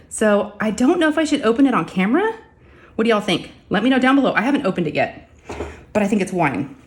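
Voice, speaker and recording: A woman, chatting casually and ramblingly to her viewers from her home craft room. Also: mid-range voice. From Texas. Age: 40s. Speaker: crafting vlogger.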